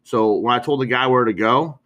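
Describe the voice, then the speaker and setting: A man's voice: medium pitch, brisk, sharp tone. A young man co-hosting a podcast in casual chat, laid-back, laughing often and calling people bro and dude. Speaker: podcast co-host.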